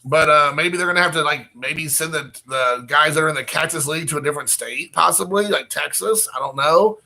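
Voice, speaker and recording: A channel host with a bright, slightly high voice talks a little fast, with some vocal fry, straight to his viewers from home. His casual vlog is rambling and chatty, full of self-mocking jokes and loose jumps between thoughts.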